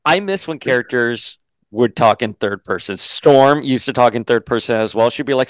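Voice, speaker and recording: A man hosting a casual interview, animated and chatty, who swears and slips into mocking voices. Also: medium pitch, moderate pace, no room sound. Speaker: interview host. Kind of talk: casual video-call interview.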